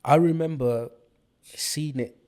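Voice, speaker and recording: A man hosting a podcast, telling a story with lively retelling of what others said and frequent laughter. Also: fairly high pitch, takes it slowly. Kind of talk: casual storytelling chat.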